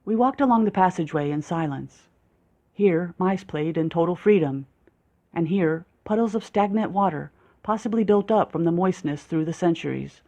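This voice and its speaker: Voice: mid-range voice, moderate pace, dark tone. Dry, sarcastic audiobook narrator. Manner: dry, sarcastic, self-mocking. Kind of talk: first-person audiobook narration.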